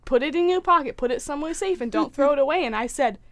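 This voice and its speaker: A woman's voice: high voice, fast, no echo. A young woman co-hosting a casual podcast, telling a story and acting out the other voices in it. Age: young adult. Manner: animated, acts out quotes. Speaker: podcast co-host.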